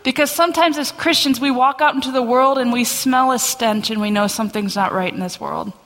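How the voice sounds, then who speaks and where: A woman pastor giving a sermon and reading scripture aloud in an earnest, steady voice, in a church sanctuary. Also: high-pitched, brisk. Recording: long church reverb.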